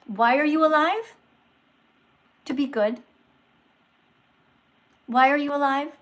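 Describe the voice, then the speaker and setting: High-voiced woman hosting a livestream in a teacher role; moralizing, scolding lecture. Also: rough recording. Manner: scolding, moralizing, swings loud to soft. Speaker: livestream host posing as a teacher.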